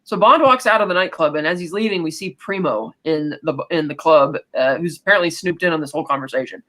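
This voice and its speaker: A man with a notably high voice chats casually on a podcast. He retells movie scenes in a loose, rambling way, full of filler words. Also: fairly bright tone, poor audio. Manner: retells scenes quickly with many "you know" fillers. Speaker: podcast co-host. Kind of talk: casual film recap chat.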